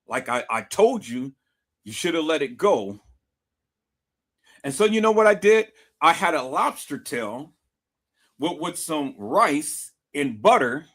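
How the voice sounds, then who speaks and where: A young man vlogging, telling a story casually to his viewers in an animated, emphatic, profanity-laced way, repeating phrases for effect. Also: on the high side, takes it slowly, long pauses.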